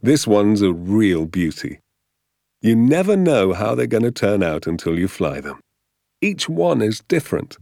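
A man reading aloud, voicing a kind, patient father who speaks with calm reassurance in a storybook. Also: lowish voice, measured pace, gravelly, dry recording, studio quality, full character voice.

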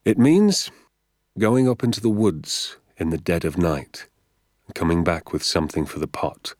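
A man reading aloud and voicing a gentle, soft-spoken father who talks in a quiet, measured way. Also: deep voice, expressive, dry recording, studio quality.

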